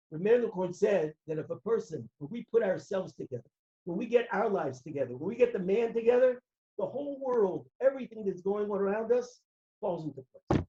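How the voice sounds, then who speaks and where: A man giving a sermon as a rabbi, an animated storyteller who acts out the voices and shouts at the high points. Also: fairly quick. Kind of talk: sermon with stories. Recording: roomy, dull lo-fi recording.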